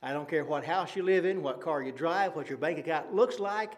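A man's voice: fairly high pitch, brisk. Earnest conversational male preacher. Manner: earnest and conversational, rhetorical questions, frequent "uh" fillers. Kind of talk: evening sermon.

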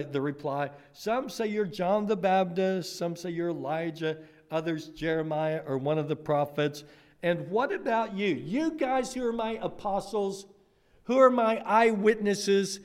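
A man preaching a sermon, retelling scripture with lively storytelling and speaking directly to children. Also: high voice. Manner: animated storytelling, addresses kids directly.

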